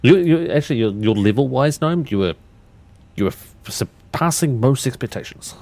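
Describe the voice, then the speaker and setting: A man's voice: medium pitch, animated, normal speed, gravelly, darkish tone. A man livestreaming, talking through cockpit steps and chatting loosely with his viewers, often restarting his sentences. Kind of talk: casual livestream commentary.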